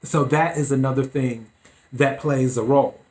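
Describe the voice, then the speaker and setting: A man hosting his own podcast, giving deliberate, opinionated solo commentary. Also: medium pitch, fairly even intonation, darkish tone. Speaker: podcast host.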